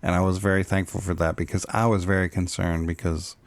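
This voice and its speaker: A middle-aged man with a very low voice chats on a parenting podcast. He sounds earnest and reflective and laughs easily. The recording is dry and close, with no room sound. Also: flat delivery, brisk, dry recording. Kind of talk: casual chat.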